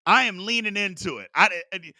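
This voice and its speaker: A man in his forties hosts a live sports talk show, chatting casually and animatedly while reading viewer questions aloud. His voice is high-pitched at a moderate pace, with clean studio quality and no echo.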